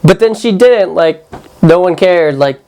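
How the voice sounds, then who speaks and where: A young man giving a casual, animated movie review, full of slang and "like", sometimes acting out quotes. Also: high voice, unhurried.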